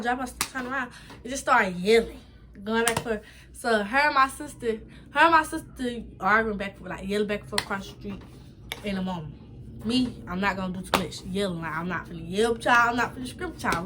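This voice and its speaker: A young woman with a New York accent, casually telling a storytime in an animated, chatty, slangy way. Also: a little fast, noisy background. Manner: animated, chatty, slangy retelling with repeated "boom". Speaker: vlogger.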